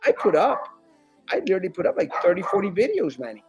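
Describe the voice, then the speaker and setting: A man's voice: high-pitched, fast talker, soft background music. A man, a guest on a talk show, talking casually and with feeling, often restarting his sentences. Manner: animated, acts out critics in mocking voices; many restarts and fillers. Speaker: guest, sitting school board member.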